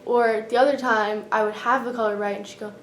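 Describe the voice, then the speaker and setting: A woman's voice: a little high, fairly quick, roomy sound, slight background noise. A young woman and former player, telling a story in an interview and acting out the voices of the people she quotes. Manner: animated, acts out quoted voices.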